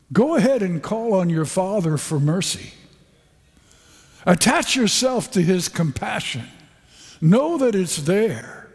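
Male preacher, high-pitched, unhurried, emphatic sermon delivery, long hall reverb. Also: a little mellow. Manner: fervent, emphatic preaching with repeated phrases.

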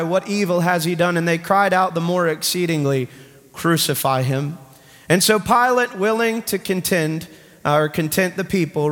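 A man preaching a sermon, reading scripture and building to shouted emphasis. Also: on the high side. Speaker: pastor. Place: large church hall. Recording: church hall reverb.

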